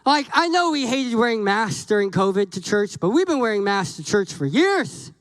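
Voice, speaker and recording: A man's voice: high-pitched, normal speed, smooth, dry recording, poor audio. A man preaching a sermon as a guest pastor, joking and acting out conversations with God and Moses. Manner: animated, jokey, acts out dialogue with God and Moses.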